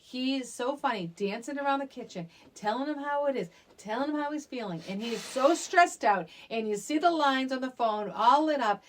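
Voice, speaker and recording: A young woman chats about a film with a co-host. She sounds animated and emphatic, with a voice pitched a little high. She often restarts her sentences as she builds her case. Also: moderate pace, hardly any pauses. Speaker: podcast co-host. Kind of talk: casual movie chat.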